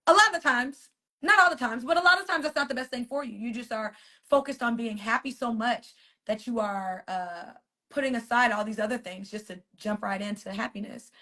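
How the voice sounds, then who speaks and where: This is a wellness coach and author on her weekly phone live stream, a casual motivational session. Her voice is a little high with a sharp tone and a fairly quick pace, and she repeats phrases emphatically while chatting with viewers.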